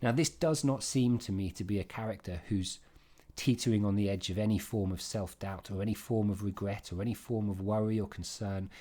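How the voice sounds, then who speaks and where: A man giving an informal, emphatic revision lesson on a play, with quick asides and restarts. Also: lowish voice, steady tone, warm tone. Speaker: English literature teacher.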